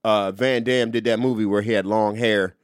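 A man hosting a casual podcast chat, telling stories in an animated way and slipping into voice impressions. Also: on the low side, normal speed, smooth, no echo, clean studio sound. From moved to New York as a young comic. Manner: animated storyteller, lively voice impressions. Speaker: podcast host.

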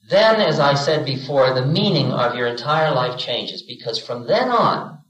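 A man's voice: fairly high pitch, a bit bright, roomy sound, low-quality recording. A man giving a spiritual lecture to an audience, telling it as a story and acting out the voices he quotes, with humor. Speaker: spiritual teacher.

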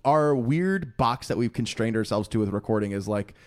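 A man's voice: mid-range voice, lively intonation, normal speed, darkish tone. A man co-hosting a podcast in casual chat, rambling and laughing often. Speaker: podcast co-host.

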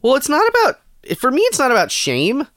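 A man's voice: extremely high pitch, huge pitch swings, fairly quick, a bit bright, no room sound, clean studio sound. A man co-hosting a comedy podcast, chatting casually, giggling and rambling. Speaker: podcast co-host.

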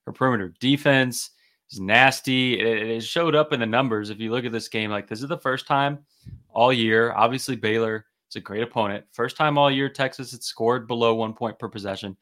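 Man, podcast co-host, bright forceful voice, keen analytical talk, mid pitch. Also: fairly quick. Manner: enthusiastic, analytical, repeats words. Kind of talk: casual sports podcast analysis.

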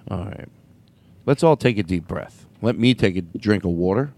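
Comedy host guy, lively swingy voice, riffing and goofing around. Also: low voice, normal speed, creaky. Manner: animated, jokey, jumps into silly voices. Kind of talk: improvised comedy banter.

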